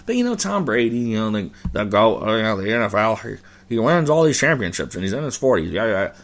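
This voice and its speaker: A man's voice: fairly low pitch, very animated, brisk. A male host giving a casual reaction rant about a fight, rambling and swearing with lots of fillers and restarts.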